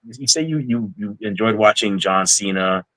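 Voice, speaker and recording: Low-voiced rambling male podcast host. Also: moderate pace, bright, forceful tone, poor audio. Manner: rambling, fills with "you know" and repeats words. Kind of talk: casual interview chat.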